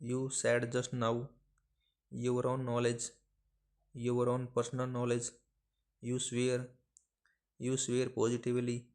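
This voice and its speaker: Male dictation reader, flat and very slow, spacing out words for transcription drills. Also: medium pitch. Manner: measured, monotone delivery of isolated phrases. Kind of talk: slow dictation of word lists.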